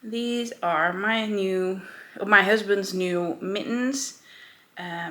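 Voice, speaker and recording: A woman's voice: medium pitch, slow pace, pushed and bright, a little hiss or hum. A woman hosting her own knitting podcast in a casual show-and-tell chat, rambling along with many filler ums and self-corrections.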